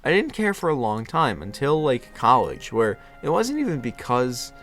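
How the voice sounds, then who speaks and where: Self-mocking young man, lively voice. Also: medium pitch, moderate pace, soft background music. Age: 20s. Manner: self-deprecating, laughs often, many restarts. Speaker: podcast host. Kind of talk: candid personal storytelling.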